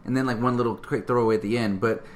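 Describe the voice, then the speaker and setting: A man talking casually on a podcast about a film. He rambles, swears freely and laughs often as he picks it apart. His voice sits at an ordinary pitch. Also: steady tone, racing. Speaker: podcast co-host. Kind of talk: casual movie review chat.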